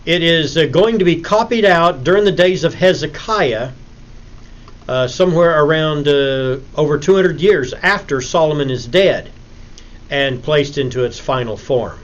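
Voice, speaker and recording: A man giving a recorded Bible lecture in a preacherly way, acting out little stories with sudden loud emphasis. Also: a little high, a little slow, muffled recording.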